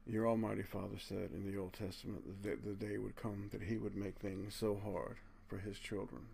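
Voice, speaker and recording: A man's voice: on the low side, flat delivery, normal speed, vocal fry, warm tone, slight background noise. A man giving an earnest, preachy monologue to his viewers, speaking bluntly, cursing casually and tacking "man" onto his sentences. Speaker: video channel host.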